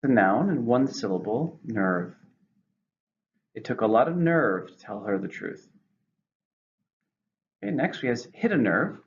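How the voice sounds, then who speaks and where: A man teaching English vocabulary, slowly and carefully spelling out each word's syllables and stress. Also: medium pitch, sing-song. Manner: slow, careful enunciation of words. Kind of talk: vocabulary lesson. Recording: lo-fi with faint noise.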